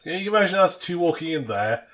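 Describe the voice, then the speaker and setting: Male co-host, chatty, self-deprecating storyteller, a touch higher pitched. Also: sing-song, quick pace, fairly bright tone. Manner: rambling, self-mocking storyteller. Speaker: podcast co-host. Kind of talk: casual banter.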